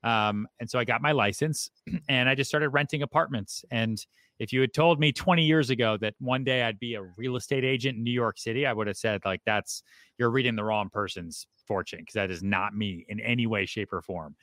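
Energetic man with a bright voice. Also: mid-range voice, brisk, dry recording. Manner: energetic, animated storytelling. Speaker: guest, real estate broker. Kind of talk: casual interview chat.

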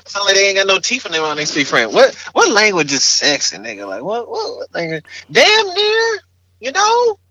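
A man's voice: fairly high pitch, very animated, fairly quick, few pauses, pushed and bright, rough recording. A man co-hosting a podcast in casual chat, ranting brashly and crudely and joking as he goes. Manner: brash, profane, joking rants. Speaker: podcast co-host.

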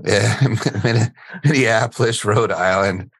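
A man's voice: on the low side, takes it slowly, fairly bright tone, breathy edge, dry recording. A middle-aged man hosting a podcast from a studio, chatting casually, joking and laughing easily as he goes. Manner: jokey, laughs easily, rambling. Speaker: podcast host. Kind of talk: casual live webinar chat.

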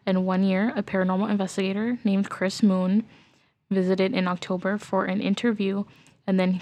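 A woman's voice: mid-range voice, a little mellow. A woman co-hosting a podcast, reading a listener's ghost story aloud in an earnest way and getting emotional as she reads. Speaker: podcast co-host.

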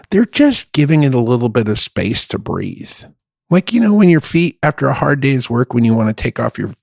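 Gravelly-voiced dude riffing goofy crude jokes on a podcast, pitch all over the place, dry mic. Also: male voice, a little mellow, no room sound. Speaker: podcast co-host. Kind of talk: casual comedic chat.

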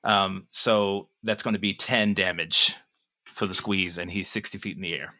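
Player, male, low pitch, bright sound, dry close mic, casual. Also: fairly even intonation, moderate pace, dry recording. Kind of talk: tabletop game play, casual.

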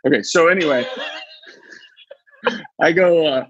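A podcast co-host in his thirties tells a story in casual chat, his husky voice jumping up as he acts out other people's lines. The sound is dry and a little dull. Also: takes it slowly, no echo. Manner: animated, acts out quotes in high voices.

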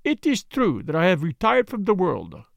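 A man's voice: high-pitched, huge pitch swings, moderate pace, creaky, dry recording, studio quality, heavily acted. A man voicing a fussy, polite retired foreign detective with formal, precise phrasing in an audiobook. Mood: courteous.

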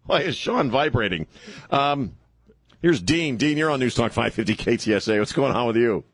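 A man's voice: medium pitch, lively intonation, moderate pace, fairly bright tone, breathy edge, dry recording. A man hosting a talk radio show, taking callers and giving sarcastic, mocking commentary in a chatty way.

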